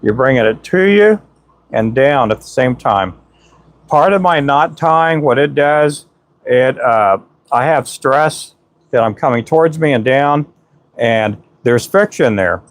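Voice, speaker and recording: A man hosting a casual livestream, chatting with viewers and demonstrating how to tie knots, saying "boom" as he works. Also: animated, unhurried, no room sound. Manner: talks while working with hands, says "boom" often. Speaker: livestream host teaching jig tying. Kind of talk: casual live-stream chat and tying demonstration.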